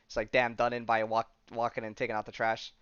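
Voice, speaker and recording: A man's voice: mid-range voice, monotone, fast, a bit bright, clear, resonant tone, dry recording, muffled recording. Rambling young-sounding podcast guy. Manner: rambling, full of "she's like" and fillers. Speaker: podcast host. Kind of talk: casual retelling of a comic story.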